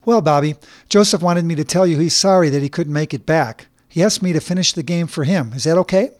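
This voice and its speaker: A man voicing a kind grown woman who talks gently and frankly. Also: fairly high pitch, a little fast, no room sound, studio quality, lightly acted. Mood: gentle.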